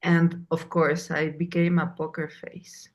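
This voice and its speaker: Slow, measured woman searching for words. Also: deep voice, little pitch movement. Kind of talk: reflective conversation.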